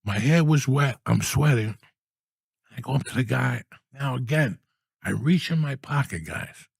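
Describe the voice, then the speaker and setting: 60s guy, gravelly husky voice, swears a lot, ranting funny stories, dry close sound. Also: mid-range voice, measured pace, no echo. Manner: profane, animated, mock-outraged rants. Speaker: podcast guest storyteller. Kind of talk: casual comedic storytelling.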